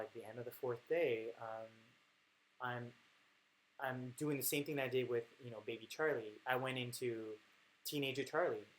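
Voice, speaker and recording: A man speaking candidly and haltingly in a personal reflective monologue, with many fillers and restarts. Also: mid-range voice, low-quality recording. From France. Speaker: host.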